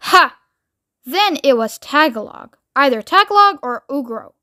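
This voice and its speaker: A panicky, whining president pleads and squeals, as a woman reader plays him. The voice sits very high, and the sound is dry and close. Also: animated, a little slow, pushed and bright, no echo, full character voice. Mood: whiny. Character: whiny, frightened man president.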